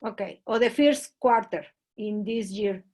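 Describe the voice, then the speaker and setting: Slow, hesitant woman. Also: mid-range voice, darkish tone. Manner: hesitant, searching for words. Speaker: student. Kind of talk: online English class.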